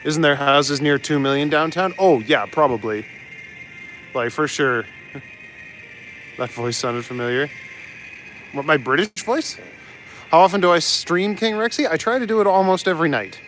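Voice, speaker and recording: A man's voice: fairly high pitch, normal speed, pauses often, fairly bright tone, soft background music. A young man in casual chat as a live streamer, walking outdoors through city streets and chuckling as he answers his chat. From Canada. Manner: laid-back, chuckles often, reads out chat.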